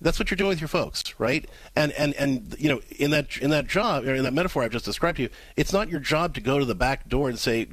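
A man's voice: a little high, quick pace, hardly any pauses, no room sound. A man co-hosting an advice talk show, speaking emphatically and acting out examples. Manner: emphatic, animated, acts out examples. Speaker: radio co-host, counselor.

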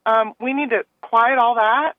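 A woman's voice: a little high, measured pace, no room sound. Earnest woman caller on a phone line. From Texas. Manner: earnest, rambling, quoting others in animated asides. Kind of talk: call-in radio chat.

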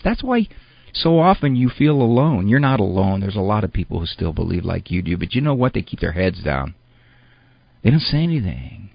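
A man's voice: mid-range voice, gravelly, no echo, highs cut off. A man hosting a podcast, delivering an emphatic, indignant monologue full of rhetorical questions. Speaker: podcast host. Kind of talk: spoken monologue commentary.

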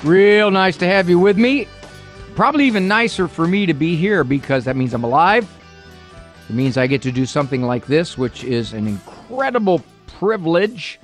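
A man's voice: a little high, animated, normal speed, soft background music, a faint crowd. Chatty male radio psychologist. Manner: chatty, anecdotal, self-deprecating humor. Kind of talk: casual radio talk. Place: radio studio. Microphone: studio mic.

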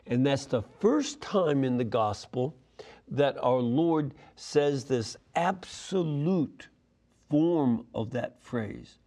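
A man's voice: mid-range voice, lively intonation, slow pace, warm tone. A man teaching a scripture lesson, explaining carefully and stressing key phrases. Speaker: Bible teacher.

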